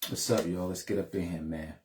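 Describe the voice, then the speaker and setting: A man's voice: low-pitched, steady tone, brisk, a little mellow, roomy sound, slight background noise. A man talking casually to his viewers in a laid-back way, tacking "man" onto his phrases. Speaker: vlogger. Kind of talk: casual direct-to-camera talk.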